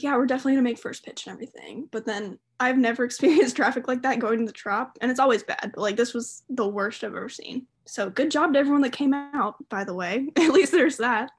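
A woman's voice: on the high side, brisk, hardly any pauses, breathy edge. Giggly woman telling a story. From Southern United States. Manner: animated storyteller, laughs often, many fillers. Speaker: podcast co-host. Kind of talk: casual chat.

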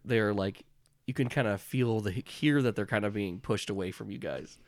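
Brief: rambling game master, lowish voice, dry close mic. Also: male voice, normal speed, no room sound. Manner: loose, rambling, with filler words. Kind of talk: narrating a tabletop game.

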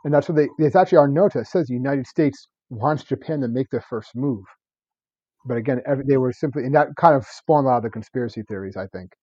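A man chatting on a podcast, rattling through stories at a quick clip. His voice is dark and husky, full of restarts. The sound is dull and dry, close and lo-fi. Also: medium pitch, dry recording. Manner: rambling storyteller with many restarts and laughs. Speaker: podcast co-host. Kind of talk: casual chat.

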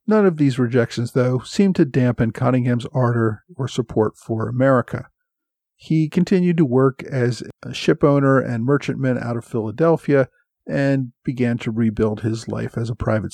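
A man's voice: medium pitch, warm tone, no room sound. A man hosting a history podcast, reading thanks and notes in an earnest, explanatory way. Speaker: podcast host. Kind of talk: scripted podcast narration.

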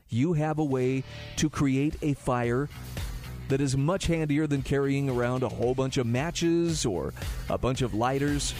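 A man hosting a talk radio show, reading articles aloud and adding his own asides in a conversational way. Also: mid-range voice. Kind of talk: talk radio monologue and ad read.

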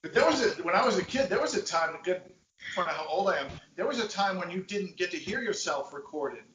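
Fast high-voiced middle-aged man, echoey. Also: expressive, fairly bright tone, a little hiss or hum. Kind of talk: casual chat. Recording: echoey room, distant mic.

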